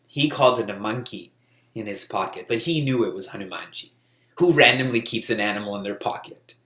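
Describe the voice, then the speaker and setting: A lively man teaching in an echoey room. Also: medium pitch. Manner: lively, laughing storyteller. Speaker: spiritual teacher. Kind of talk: spiritual talk.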